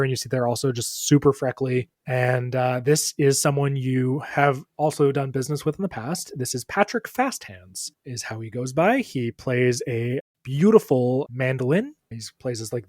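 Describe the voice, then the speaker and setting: A man narrating as dungeon master, relaxed and conversational, with plenty of "uh" and "like". His voice sits mid-range for a man. The mic sounds close and dry. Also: medium pitch, dry recording. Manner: relaxed, conversational, filler-heavy. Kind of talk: narrating a tabletop game.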